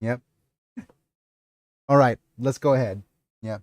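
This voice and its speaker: A man's voice: medium pitch, measured pace, a little mellow, no echo. A man hosting a casual livestream who chats with his viewers in a rambling way, answering their messages between stretches of reading aloud from a story. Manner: rambling, answers chat as he goes. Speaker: livestream host.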